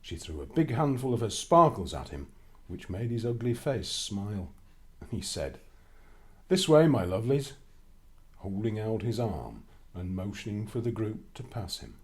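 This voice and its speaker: A man narrating a children's storybook with an expressive, lively reading. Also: fairly low pitch, normal speed.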